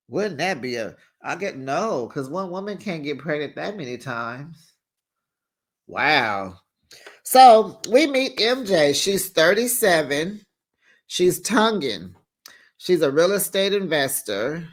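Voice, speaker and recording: A host giving a sassy, gossipy recap of a reality show, animated and quick to laugh, with casual slang like "honey" and "child.". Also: medium pitch.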